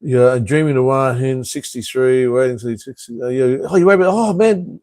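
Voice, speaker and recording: A middle-aged Australian man chats loosely through a live stream, answering viewers' comments in a laid-back way and swearing freely. His voice sits at an ordinary pitch, recorded dry and close with no room sound. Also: brisk, darkish tone, dry recording. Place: home in Cambodia.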